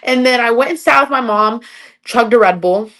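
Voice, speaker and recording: A woman's voice: fairly high pitch, moderate pace, a bit bright. Chatty young woman telling fight stories. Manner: chatty, full of "like" fillers. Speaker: MMA fighter, podcast guest. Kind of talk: casual interview storytelling.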